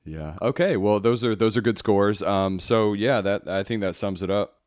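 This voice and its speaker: A man's voice: fairly low pitch, normal speed, no room sound, studio quality. A man co-hosting a casual movie podcast, easygoing and chatty. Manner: easygoing, chatty, laughs along. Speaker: podcast co-host.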